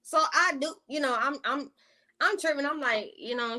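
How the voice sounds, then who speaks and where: Woman vlogger, slightly high voice, rambling and profane storytime delivery full of asides. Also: normal speed, bright, forceful tone. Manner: profane, rambling, with side tangents to viewers. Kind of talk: casual storytime monologue.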